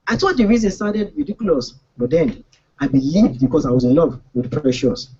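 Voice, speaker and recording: A man's voice: fairly high pitch, big pitch swings, brisk, darkish tone, husky, muffled recording. A man with a Nigerian accent performing comic spoken word poetry in a rhythmic, rhyming style, recorded live on a poetry stage. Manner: rhythmic, rhyming delivery with mock-dramatic outbursts.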